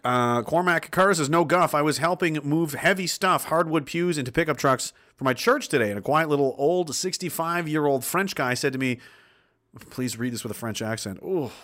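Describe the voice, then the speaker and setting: A man hosting a casual livestream, reading viewer messages aloud and ranting, loud at times and mumbling at others. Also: fairly high pitch, moderate pace.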